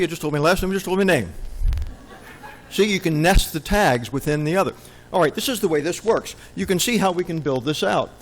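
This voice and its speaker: A man's voice: a little high, slight background noise, low-quality recording. A man giving a conference talk in a session room, playful and jokey, often quizzing the audience. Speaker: conference presenter. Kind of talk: humorous conference presentation.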